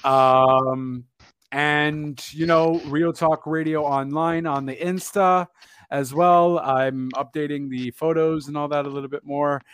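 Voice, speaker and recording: A man co-hosting a casual podcast, upbeat and quick to laugh and tease. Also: a little high, fairly even intonation, fairly bright tone, clear, resonant tone. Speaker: podcast co-host.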